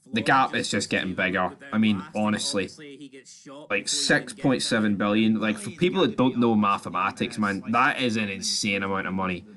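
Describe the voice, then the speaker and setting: A man's voice: lowish voice, fairly bright tone. A Scottish man hosting a football channel, giving a blunt, heated opinion rant full of swearing and fillers.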